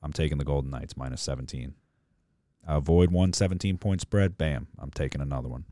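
A man's voice: very deep voice, brisk, warm tone, no room sound, studio quality. A man co-hosting a casual sports betting chat, blunt and profane, rambling through his picks with lots of fillers.

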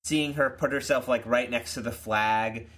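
A man's voice: mid-range voice, fairly even intonation, moderate pace, a bit bright. A man chatting casually as a guest, rambling and laughing between restarts. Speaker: guest musician. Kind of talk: casual chat.

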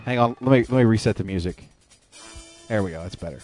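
A man hosting a casual talk radio show, chatty and quick to cut in, repeating words as he jumps in. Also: lowish voice, darkish tone, faint music behind.

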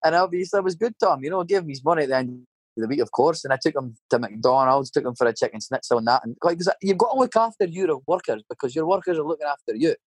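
A man's voice: fairly high pitch, animated, quick pace, husky, no echo. A middle-aged Scottish man with a Scottish accent, rambling through casual anecdotes full of swearing and tag questions. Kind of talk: casual storytelling chat.

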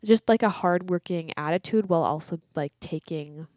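A woman's voice: fairly low pitch, normal speed, darkish tone, dry recording, studio quality. A young woman around twenty, a college runner chatting as a guest in an interview, upbeat and full of likes and you knows. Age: about 20. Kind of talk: casual interview chat.

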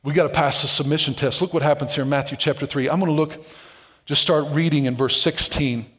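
A man preaching a sermon as pastor to a congregation, playful and dynamic, moving between soft asides and shouted emphasis. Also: a little high, fairly even intonation, quick pace. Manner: playful, with humorous asides and call-outs to the congregation.

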